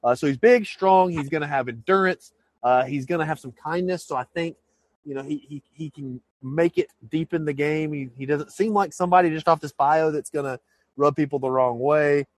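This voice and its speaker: A man's voice: fairly high pitch, moderate pace. A man co-hosting a podcast, chatting casually and jokingly, often restarting and repeating words. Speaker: podcast co-host. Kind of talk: casual chat.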